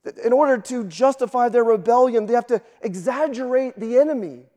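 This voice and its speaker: A man's voice: extremely high pitch, a little fast, mellow, in a large hall. A man, a guest pastor, preaching a sermon with emphatic delivery, often repeating words as he starts sentences.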